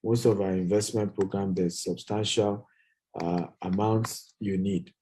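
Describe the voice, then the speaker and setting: A man's voice: on the low side, steady tone, measured pace, warm tone. A man hosting a live stream on investing, urging viewers to type their replies. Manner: urges viewers to type replies, hyping them up. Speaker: real estate company managing director hosting a live session.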